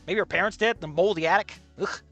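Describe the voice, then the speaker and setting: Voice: mid-range voice, fast talker, fairly bright tone, soft background music. A streamer giving sarcastic, incredulous commentary on a visual novel and swearing freely. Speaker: let's play streamer.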